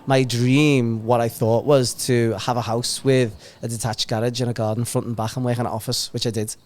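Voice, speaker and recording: A man's voice: mid-range voice, level tone, brisk, darkish tone. A man co-hosting a podcast, speaking reflectively with some dry humor in casual chat. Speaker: podcast co-host.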